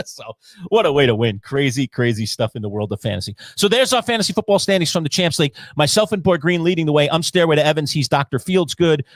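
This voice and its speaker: Man, animated storyteller, slightly high voice, dry close mic, casual sports chat. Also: fast talker, dry recording. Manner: animated storyteller who acts out his own shouting. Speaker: podcast co-host. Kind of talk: casual fantasy football chat.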